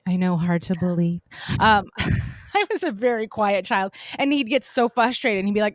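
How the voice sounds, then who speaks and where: A woman's voice: mid-range voice, expressive, normal speed, no echo, studio quality. A woman co-hosting a podcast, telling a long personal story in a chatty, rambling way with many restarts. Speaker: podcast co-host. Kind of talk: casual chat.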